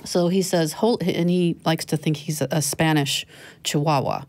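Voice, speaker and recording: A middle-aged woman hosting a casual panel chat, talkative and quick to laugh, often correcting herself. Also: sits low, fairly even intonation, a little mellow. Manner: chatty, laughing, self-correcting. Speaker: show host.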